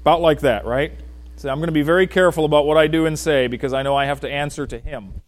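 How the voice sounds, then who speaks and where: A man preaching a sermon in a folksy, joking way, talking straight to people in the congregation and swinging from loud emphasis to quiet asides. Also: fairly high pitch, quick pace. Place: church.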